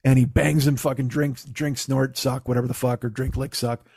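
A man casually telling a long funny story, profane and animated, acting out the other people's lines. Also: medium pitch, moderate pace, creaky, husky, no echo, studio quality. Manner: profane, animated, acts out quotes.

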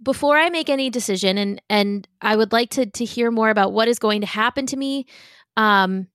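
A woman playing a tabletop game, thinking aloud with pauses and restarts. The sound is dry and close. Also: on the high side, fairly bright tone, dry recording. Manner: thoughtful, hesitant. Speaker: player.

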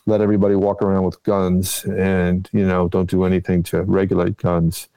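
A man, a guest political strategist, talking in a measured, explanatory way with many ums and uhs. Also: low-pitched, completely flat delivery, mellow, no room sound, low-quality recording. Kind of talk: casual political chat.

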